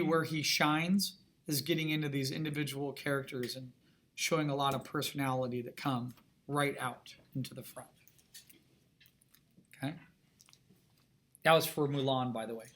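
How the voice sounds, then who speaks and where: A man's voice: mid-range voice, a bit bright. A man teaching an art lesson in an enthusiastic, conversational way, often asking his students questions. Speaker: art instructor. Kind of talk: recorded video lesson.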